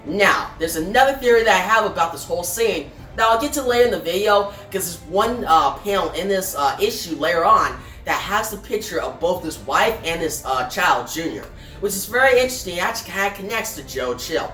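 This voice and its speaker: A man's voice: high-pitched, animated, brisk, few pauses, sharp tone, soft background music. A man casually recapping and reviewing a comic book, talking loosely with many fillers. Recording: echoey room, from far off.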